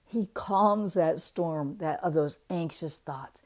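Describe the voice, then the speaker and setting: Woman, devotional speaker, warm mellow tone, casual and chatty. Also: low voice. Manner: chatty, laughs often, reads verses slowly.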